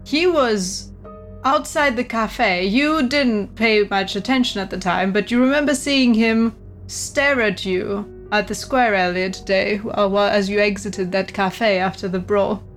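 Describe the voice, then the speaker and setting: A woman game master narrating a tabletop horror game in a descriptive, unhurried way. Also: medium pitch, soft background music. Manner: descriptive, unhurried, laughs between lines.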